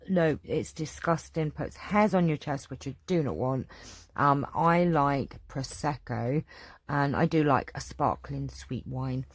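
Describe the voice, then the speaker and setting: A woman's voice: low voice, no echo. Middle-aged English woman, English accent, rambling casual chat, dry close sound. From England. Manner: chatty, rambling, lots of ums. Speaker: crafting vlogger answering viewer questions.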